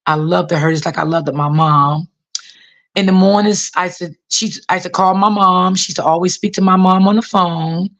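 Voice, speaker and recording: A woman's voice: lowish voice, fairly even intonation, normal speed, fairly bright tone, muffled recording. A woman telling a personal story to her viewers in a casual way, often repeating herself and using many fillers. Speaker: author talking to viewers.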